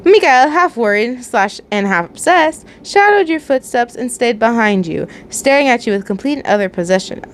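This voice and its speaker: A woman's voice: on the high side, animated, normal speed, hardly any pauses, a little hiss or hum. A young woman reading a fan story aloud in a casual way, chatty, laughing often and tripping over words. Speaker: channel host reading fanfiction.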